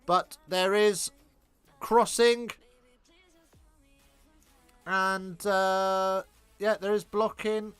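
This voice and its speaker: High-voiced cheeky English commentator. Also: male voice, extremely slow, long pauses, clean tone, dry recording, soft background music. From England. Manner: cheeky, crude banter, bursts of excited play calls. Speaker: live stream commentator. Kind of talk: casual live match commentary, reading chat.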